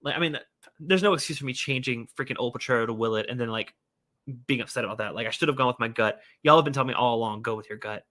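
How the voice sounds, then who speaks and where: A man hosting a casual whiskey livestream, animated and scolding himself with frequent exclamations. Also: mid-range voice, racing.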